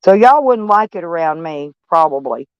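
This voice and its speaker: A woman's voice: lowish voice, animated, moderate pace, clean tone, dry recording. An older woman vlogging about her day to camera, blunt, profane and rambling. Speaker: van-life vlogger. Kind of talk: casual rambling talk to camera. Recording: dull, dry recording.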